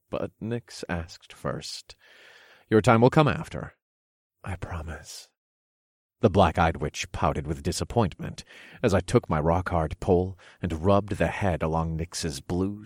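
A man with a very deep, husky voice narrates an adult story in the first person, low and commanding, taking it slowly. The recording is close and dry, without any room sound.

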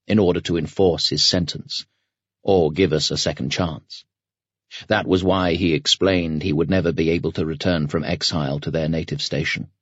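A man with a very deep, low voice narrates an audiobook in a measured, even manner. The recording is dry and a little muffled, with a dull, lo-fi tone. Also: slightly rough, dry recording. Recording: dry, muffled studio read.

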